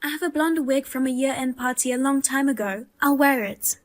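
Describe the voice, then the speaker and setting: A woman voicing a high-voiced, fierce pregnant young wife. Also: brisk, close to an everyday voice. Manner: wry, indignant, grimly humorous. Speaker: pregnant daughter-in-law. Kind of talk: dramatized story voice-over.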